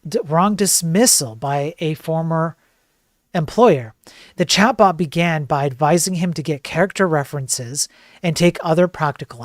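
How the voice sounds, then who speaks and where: A man's voice: on the high side, no room sound, clean studio sound. A man hosting a streamed commentary show, talking in a sarcastic, joking way. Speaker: host.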